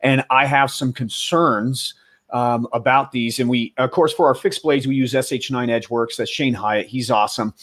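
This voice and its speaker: A man's voice: medium pitch, fairly even intonation, moderate pace, fairly bright tone. Man, interview host, mid-range voice, direct questions, friendly casual tone.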